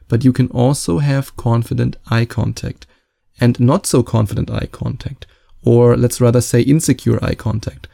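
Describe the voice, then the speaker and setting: A man with a very dark, gravelly voice hosts a solo podcast and gives dating advice. He coaches in an emphatic, repeating manner and presses every point home. The recording is dry and close. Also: mid-range voice, no echo. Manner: emphatic, repetitive coaching delivery.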